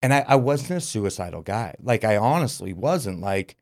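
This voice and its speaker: Low, gravelly guest voice in a dry, close recording, a man from Utah speaking loosely with "like" fillers. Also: sing-song, normal speed, dry recording. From Utah, USA. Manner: frank, loose, lots of "like" fillers. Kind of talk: candid personal storytelling.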